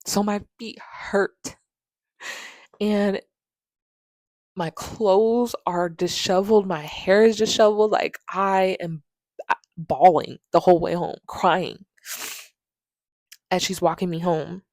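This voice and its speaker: A young woman with a lowish voice tells a painful personal story in a raw, candid way. She speaks frankly and swears freely. Her voice sits close and dry, with no room sound around it. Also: fairly even intonation, slow pace, long pauses, darkish tone, no echo. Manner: frank, emotional, profanity-laced retelling. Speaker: podcast host.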